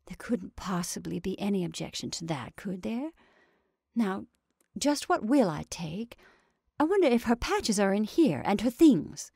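Brief: woman reader plays a shy middle-aged sheriff's wife, soft and shrinking. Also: mid-range voice, very animated, measured pace, gravelly, slightly rough, no echo, clean studio sound, exaggerated voice. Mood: hushed. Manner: hushed, shrinking, half-whispered.

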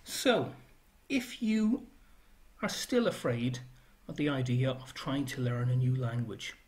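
A man presents an educational library talk at a measured, mid-range pitch. He lists words one by one and breaks off for brief asides. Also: lively intonation.

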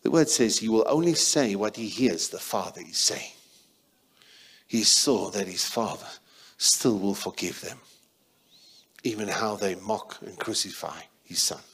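Male pastor with a South African accent and a low voice, emphatic sermon delivery that swings from loud to hushed. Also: unhurried, slightly rough. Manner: emphatic preaching, sudden loud and soft shifts.

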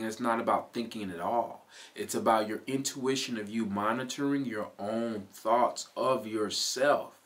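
A man giving a motivational self-help talk in an earnest, coaching way. He repeats key phrases and adds "right?" asides to the listener. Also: medium pitch. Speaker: motivational speaker.

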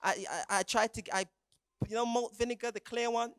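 Very high-voiced young male preacher. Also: fairly even intonation, brisk, a bit bright, smooth, no room sound, studio quality. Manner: vivid, graphic retelling with frequent stammered restarts and audience prompts. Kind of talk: dramatic sermon storytelling to young people.

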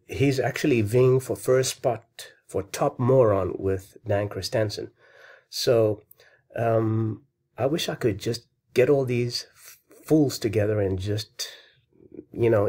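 A man's voice: lowish voice, fairly even intonation, measured pace, darkish tone. Angry ranting male math host. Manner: angry, insulting, worked up. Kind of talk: ranting math video lecture.

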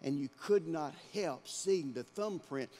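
A male pastor preaching a dramatic sermon in a church, swinging between hushed lines and shouted ones. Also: a little high, expressive, measured pace. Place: church sanctuary. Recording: long church-hall reverb.

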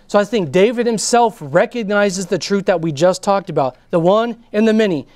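A man preaching a sermon in an earnest style, his voice rising on key words and dropping to a hush. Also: high-pitched, normal speed, hardly any pauses, no echo. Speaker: pastor.

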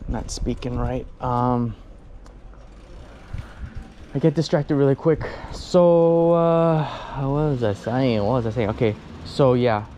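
A man's voice: medium pitch, slow pace, mellow, muffled recording, a little hiss or hum. A man vlogging while riding a bicycle outdoors, talking casually in a rambling way with many fillers and restarts, a little out of breath. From United States. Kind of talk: casual chat while cycling.

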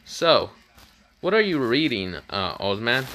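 A man's voice: medium pitch, very animated, slow pace, sharp tone, full character voice. A man voicing a smiling young male ninja who teases an old elder. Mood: teasing.

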